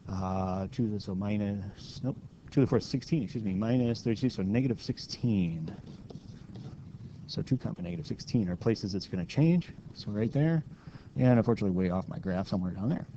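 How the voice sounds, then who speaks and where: A man's voice: on the low side, lively intonation, moderate pace, warm tone, highs cut off, a little hiss or hum. A man teaching calculus in a casual, step-by-step lecture, stopping now and then to correct his own slips. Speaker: math teacher.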